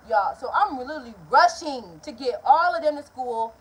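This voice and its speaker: A young woman, telling a story in a casual vlog, animated and profane. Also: sits high, fairly quick, few pauses, a little hiss or hum. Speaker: vlogger.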